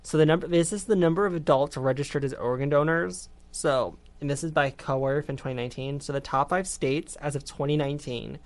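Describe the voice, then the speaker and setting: A woman's voice: deep voice, brisk, few pauses, darkish tone. A young woman co-hosting a casual student radio show, rambling with lots of fillers and giggles. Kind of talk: casual scripted radio chat.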